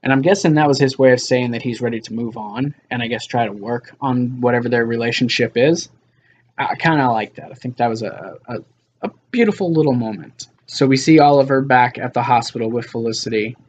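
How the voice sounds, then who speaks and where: A man's voice: medium pitch, fairly quick. Man, casual show recap, filler-heavy retelling, slightly dull sound, faint hiss. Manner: loose retelling with many fillers and quoted asides. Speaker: co-host recapping a TV episode.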